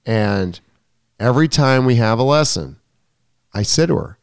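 A man talking as a tennis coach in a casual podcast chat, telling an animated story and acting out what was said. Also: mid-range voice, normal speed, pauses often, clear, resonant tone, dry recording, studio quality. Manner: animated storytelling, acts out quotes.

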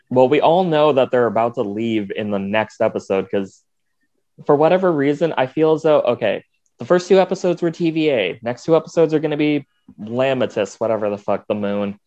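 A man's voice: mid-range voice, normal speed, dark tone, dull audio. A man co-hosting a casual podcast, laid-back and drawling, swearing now and then. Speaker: podcast co-host. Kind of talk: casual chat.

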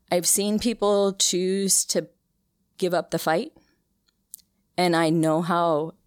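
A woman's voice: low voice, no echo, studio quality. A woman in her thirties, an interview guest, telling a personal story in an earnest, emotional way with frequent restarts. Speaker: interview guest, cancer survivor. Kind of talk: casual conversational interview.

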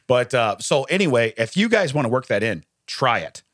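A man co-hosting a podcast in casual chat, an animated storyteller who acts out quoted voices and laughs often. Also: mid-range voice, normal speed, no echo, studio quality. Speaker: podcast co-host.

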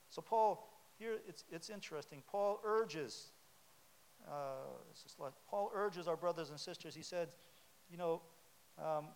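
A man preaching a sermon in a church sanctuary, talking conversationally and quizzing the congregation with questions. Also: high-pitched. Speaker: pastor. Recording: long hall reverb with faint hiss.

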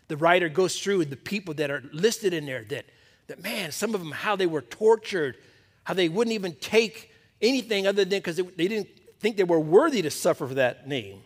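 A high-voiced male pastor preaches to a men's Bible study. His delivery is conversational and emphatic, sometimes dropping to a hush.

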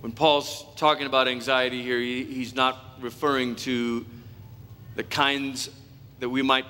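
A man's voice: mid-range voice, unhurried, smooth. A middle-aged man preaching a sermon as pastor, telling stories animatedly and acting out quotes. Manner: animated storytelling with acted-out quotes and laughs. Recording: long hall reverb.

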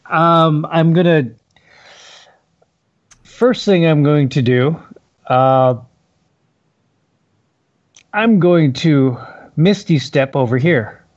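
A man at a tabletop game who talks slowly and hesitantly, working out his turn aloud. His voice sits a little high. The recording is dull and lo-fi. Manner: hesitant, thinking aloud with pauses and fillers. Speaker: player (rogue). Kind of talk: casual tabletop play.

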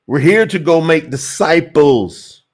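Slightly high-voiced male livestream host, animated and emphatic, talks to chat as y'all. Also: slow. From USA. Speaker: livestream host teaching Hebrew scripture. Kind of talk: casual livestream teaching with chat.

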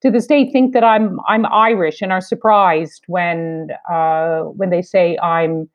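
A woman in her fifties from eastern Canada, a foreign correspondent with a Canadian accent, speaking in a measured, wry, reflective way in an interview. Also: on the low side, fairly even intonation. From New Brunswick, Canada. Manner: measured, wry, deliberate phrasing. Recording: slightly dull lo-fi sound.

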